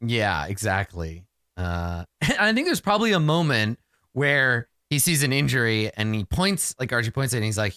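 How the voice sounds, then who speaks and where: A man's voice: mid-range voice, big pitch swings, moderate pace, sharp tone, clear, resonant tone, no echo, studio quality. A man narrating as game master, chatty and laughing often.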